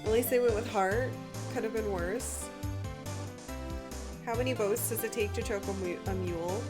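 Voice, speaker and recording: A woman's voice: mid-range voice, moderate pace. A young woman streaming a game, chatting casually in a self-deprecating way, with game music behind.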